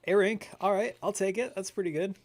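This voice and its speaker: A man's voice: sits high, brisk, soft background music. A young man streaming a game live, chatting casually with lots of laughter and rambling asides. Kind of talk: casual live gameplay chat.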